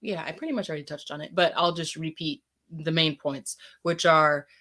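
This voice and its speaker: Low-voiced woman musing on a podcast. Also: normal speed, sharp tone. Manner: thoughtful, searching, with fillers. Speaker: podcast speaker. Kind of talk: casual podcast conversation.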